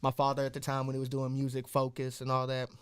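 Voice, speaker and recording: A man's voice: medium pitch, quick pace, clear, resonant tone. A man from Texas, a musician guest who explains things steadily and often ends his phrases with "or so". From Texas, USA. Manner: steady, explanatory, says "or so" a lot. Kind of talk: casual interview chat.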